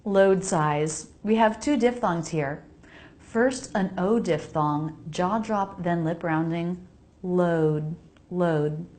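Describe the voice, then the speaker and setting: A woman with an American accent teaching pronunciation, modeling each sound slowly and repeating words for the listener to copy. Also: on the low side, darkish tone. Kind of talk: slow pronunciation lesson.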